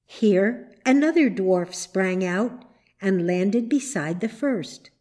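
Slow woman reading a storybook. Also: medium pitch, animated, darkish tone. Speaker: narrator.

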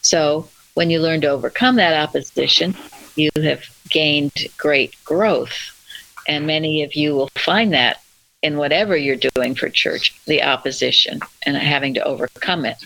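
Discussion leader, gravelly voice, bright tone, dry close sound, gentle conversational church talk. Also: mid-range voice, normal speed, no echo, poor audio. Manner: gentle, conversational, asks others for comments.

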